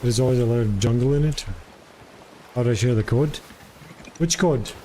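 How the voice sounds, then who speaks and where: A man's voice: mid-range voice, moderate pace, dark tone, slight background noise. A man streaming live in casual chat, curious and talkative, repeating foreign words aloud to practice them.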